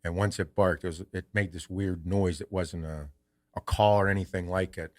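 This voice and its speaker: A man hosting a podcast, telling a story in a casual, animated way and swearing freely. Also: low voice, normal speed. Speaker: podcast host.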